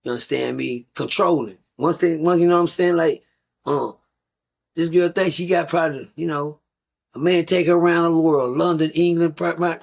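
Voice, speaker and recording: A man's voice: on the high side, fairly even intonation, normal speed, vocal fry. A middle-aged man, a guest on a talk show, telling rambling stories in a blunt, profane, casual way. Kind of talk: casual storytelling.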